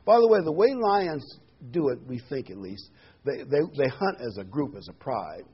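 Husky-voiced preacher giving a sermon. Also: male voice, medium pitch, lively intonation, moderate pace. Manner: earnest, emphatic repetition with fillers. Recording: dull lo-fi recording.

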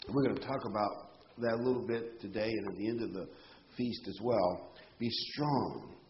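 Emphatic preacher, roomy hall. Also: male voice, lowish voice, fairly quick, slight background noise. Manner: emphatic, rhetorical questions to the congregation. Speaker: pastor. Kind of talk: sermon. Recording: roomy, dull hall sound.

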